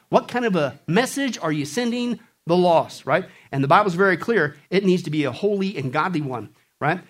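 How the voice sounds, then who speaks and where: A high-pitched pastor gives an animated sermon full of play, performing jokes and mocking voices while urging the congregation to call back.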